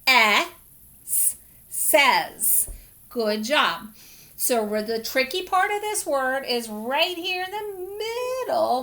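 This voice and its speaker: A woman's voice: fairly high pitch, pushed and bright. A woman teaching young children phonics over a webcam, patient and encouraging, sounding out letters one by one. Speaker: kindergarten teacher. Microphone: computer webcam.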